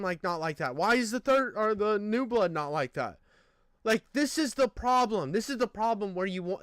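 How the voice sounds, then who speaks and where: In a dry recording with no room sound, a young man with a high, slightly bright, clean-toned voice rants about a video. His heated casual commentary is profane and exasperated, full of fillers and restarts.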